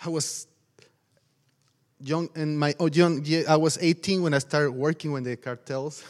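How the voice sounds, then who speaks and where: Mexican Spanish-accented male pastor with a high voice, preaching with energy in broken English. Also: steady tone, a little slow. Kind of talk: sermon.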